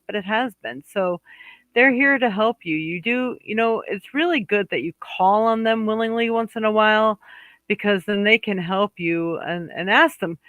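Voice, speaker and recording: High-voiced, bright-toned psychic reader. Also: male voice, dry recording, lo-fi sound. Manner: chatty, warm asides, talks to spirit aloud; frequent fillers and restarts. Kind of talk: monthly horoscope card reading.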